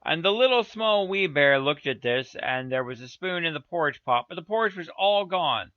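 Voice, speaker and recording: A man's voice: a little high, lively intonation, moderate pace, no room sound. A man reading a children's story aloud with playful asides to his listeners. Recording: dull, dry lo-fi recording.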